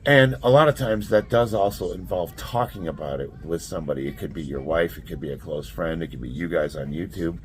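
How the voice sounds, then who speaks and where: Deep-voiced blunt motivational man. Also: fairly quick, few pauses, slight background noise. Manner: blunt, conversational, plainspoken. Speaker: strength athlete giving life advice. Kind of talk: casual motivational talk to camera.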